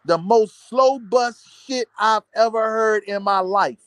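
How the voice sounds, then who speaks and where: A live streamer in full rant, talking straight at their audience with cutting sarcasm and blunt, profane asides. Phrases get repeated for emphasis, and the voice sits at an ordinary middle pitch. The sound is dry and close, with no room around it. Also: slow pace, a bit bright, dry recording. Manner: blunt, swears freely. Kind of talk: ranting commentary.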